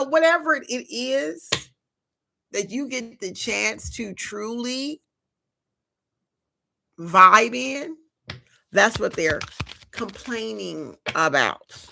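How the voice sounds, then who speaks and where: A woman's voice: on the high side, expressive, takes it slowly, creaky, long pauses, pushed and bright. A woman giving a live collective tarot reading, talking casually and directly to her viewers with slang and frequent chatty asides. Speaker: tarot reader.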